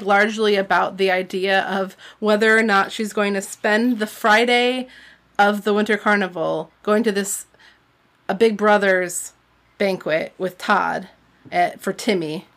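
A woman's voice: medium pitch, measured pace, fairly bright tone. A woman co-hosting a casual book discussion, chatty and fond of the word "like". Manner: chatty, with frequent "like" and laughs. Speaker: podcast co-host.

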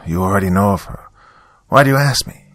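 A man voicing a desperate, ragged old woman in a horror story, with a crackly, raspy whisper. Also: low voice, lively intonation, brisk, fairly bright tone, dry recording. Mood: solemn. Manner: urgent pleading whisper. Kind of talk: scripted horror narration.

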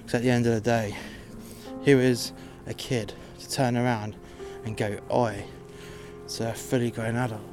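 Over music, a podcast host with a flat, medium-pitched delivery at normal speed rants about his job in a casual monologue. He's blunt, swears a lot and sounds thoroughly exasperated.

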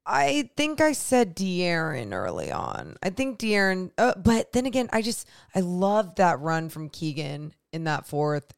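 A young woman co-hosting a casual late-night podcast, exhausted and close to tears, rambling and halting as she talks. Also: on the low side, clean tone. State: exhausted and tearful. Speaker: podcast co-host.

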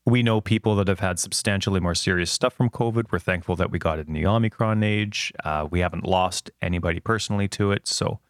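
A man in his thirties, co-hosting a casual chat and telling rambling, animated stories with lots of fillers. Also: sits low, quick pace, hardly any pauses, smooth, no room sound, clean studio sound. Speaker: podcast co-host.

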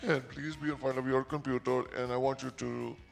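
A man voicing a smooth-talking male scam phone agent who speaks in an overly polite, slow, salesy way. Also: medium pitch, little pitch movement, soft background music.

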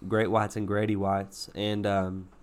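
A man with a lowish voice rambles through an outlandish fishing story as if it were sincere memory. He circles back, restarts and pads with fillers in easy podcast chat. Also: flat delivery, unhurried, clean tone. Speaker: podcast co-host. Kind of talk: casual chat, absurd tall tales.

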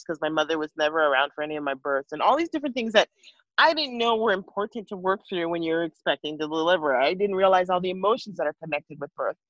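A woman's voice: on the low side, animated, fast talker, a bit bright, no echo, muffled recording. A woman guest telling a personal story in conversation, earnest and emotional, with many asides and restarts. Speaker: interview guest, mother of five.

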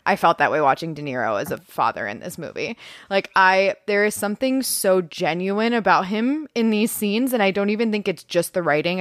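A young woman co-hosting a casual film chat, earnest and thoughtful with halting phrasing. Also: medium pitch, no room sound, studio quality. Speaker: podcast co-host.

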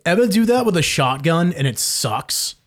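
A man whose pitch swings widely as he rants and tells stories on a podcast. He swears constantly and keeps the tone loose and casual. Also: moderate pace. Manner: swearing, animated storytelling. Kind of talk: casual chat.

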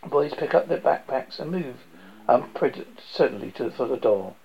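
A man's voice: mid-range voice, animated, normal speed. A man narrating as he reads a film script aloud, stumbling and correcting himself as he goes. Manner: stumbling, self-correcting reading. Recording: dull lo-fi recording.

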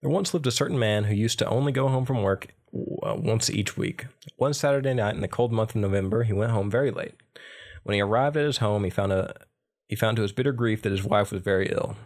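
A man's voice: fairly low pitch, fairly quick, darkish tone. A man co-hosting a podcast, reading an old folk tale aloud in a casual chat, stumbling and restarting now and then. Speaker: podcast co-host.

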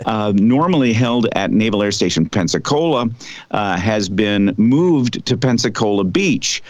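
A man who works as an air show announcer, chatting casually in measured, formal phrasing. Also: lowish voice, expressive, no echo. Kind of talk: casual chat. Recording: dry close mic.

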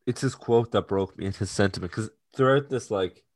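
A young man with a fairly low voice talks in a casual podcast chat, getting emotional and animated as he acts out quotes. He swears freely. The sound is dry and close to the mic. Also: a little fast, no echo.

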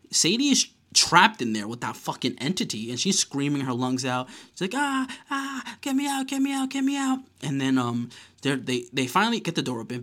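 A man walks through a horror movie's plot in a loose, casual review, swearing freely as he goes. His pitch swings up and down constantly, and his delivery stays animated and conversational. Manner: animated, profane storytelling, acts out characters' lines.

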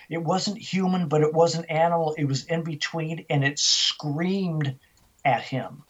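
With a fairly high voice and the upper frequencies cut off in the recording, an older male interview guest tells a lively story, frequently starting over and saying words twice.

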